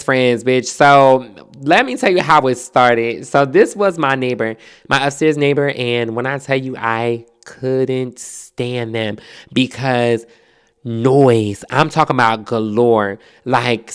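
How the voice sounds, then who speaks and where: A man from New Jersey with a Jersey accent, hosting a podcast as a casual storytelling monologue, animated and profane, laughing often and slipping into mimicked accents. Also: on the high side, clear, resonant tone. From Trenton, New Jersey. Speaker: podcast host.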